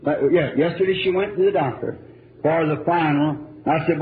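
Male preacher, earnest folksy storyteller, slightly high voice, tinny archival tape. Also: normal speed, slight background noise. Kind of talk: storytelling sermon.

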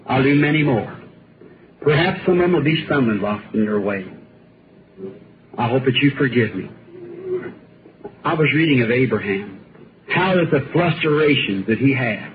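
A middle-aged man delivers a sermon in a folksy storytelling manner, his voice climbing in emphatic bursts. The sound is thin and phone-like, with a steady layer of hiss behind it. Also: on the high side. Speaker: preacher. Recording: tinny old recording with noise.

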